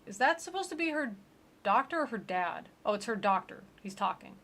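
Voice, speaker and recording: A woman's voice: on the high side, animated, normal speed, fairly bright tone. A woman giving sarcastic, incredulous comedic commentary on a gospel tract.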